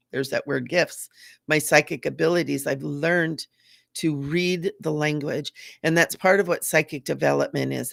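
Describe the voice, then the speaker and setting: Here the psychic medium, a middle-aged woman, has a deep, gravelly voice as she welcomes viewers to her casual live stream. Her delivery is earnest and talkative, full of fillers and restarts, and the sound is clean studio audio with no echo.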